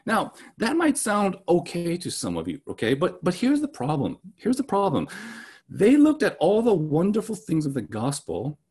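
A man's voice: high-pitched, wildly swooping pitch, moderate pace, darkish tone, husky. A man preaching a sermon in a conversational way, often checking in with his listeners. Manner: conversational, asks "right?" often. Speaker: pastor.

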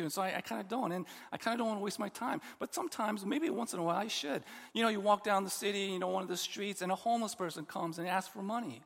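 A man preaching a sermon as pastor, expressive and building to emphatic, repeated points. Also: sits high, fast, vocal fry, few pauses, in a large hall.

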